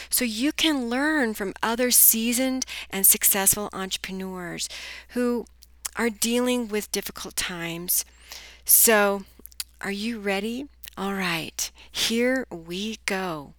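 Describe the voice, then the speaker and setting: A woman's voice: medium pitch, fairly bright tone, dry recording. A middle-aged woman hosting a business podcast, reading a scripted intro in an upbeat sing-song way before starting an interview. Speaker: podcast host and business coach.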